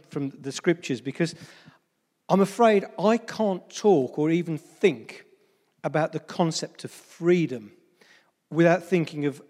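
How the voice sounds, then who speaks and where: Pastor guy giving a chatty funny sermon, kinda high voice, long echo of a church hall. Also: a little mellow. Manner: chatty, humorous, addresses the congregation. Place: church hall before a congregation.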